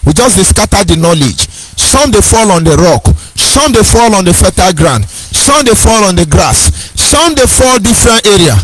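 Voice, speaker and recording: A man's voice: high-pitched, sing-song, normal speed, few pauses, breathy edge, rough recording. A Nigerian man giving an impassioned speech, stressing his points by repeating questions and phrases. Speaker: speaker.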